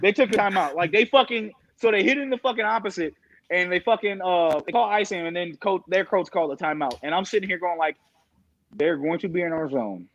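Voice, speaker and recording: A man guesting on a podcast, telling stories in a profane, excitable way. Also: high voice, fast, no room sound. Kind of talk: casual podcast chat. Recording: dull lo-fi dry mic.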